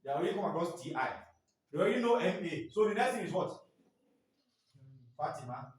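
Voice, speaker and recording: Male trainer, 40s, slightly high voice, keeps prompting "what?", recorded far off in a booming room. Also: sing-song, fairly quick. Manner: quizzing, often ends phrases with a prompting "what?"; spells out letters and sounds one by one. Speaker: staff trainer. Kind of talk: classroom training lecture. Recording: echoey room, mic far off.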